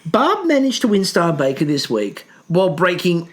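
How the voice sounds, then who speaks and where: A man's voice: sits high, normal speed. A man co-hosting a podcast in casual, joking chat. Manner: joking, lively. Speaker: podcast co-host.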